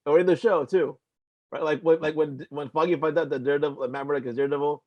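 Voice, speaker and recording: A man's voice: a little high, steady tone, fast, a little mellow, no echo. A young adult man co-hosting a casual comics podcast, rambling in loose chat with lots of filler and the odd swear. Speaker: podcast co-host.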